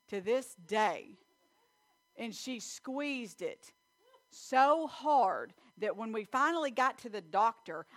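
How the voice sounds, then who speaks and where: A middle-aged woman preaching a sermon, telling a childhood story in quick, animated bursts. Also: a little high.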